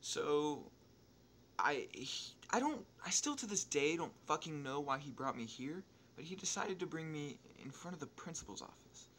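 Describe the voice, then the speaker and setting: A man's voice: on the high side, slight background noise. Rambling, foul-mouthed young man telling a story. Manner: profane, rambling, restarts and asides; excitable, quick swings in loudness. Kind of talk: casual storytelling over gameplay.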